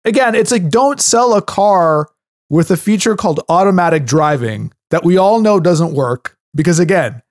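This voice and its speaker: A man's voice: high voice, expressive, moderate pace, no room sound, clean studio sound. A man co-hosting a podcast in casual chat, ranting in a sarcastic, profane, fired-up way. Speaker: podcast co-host.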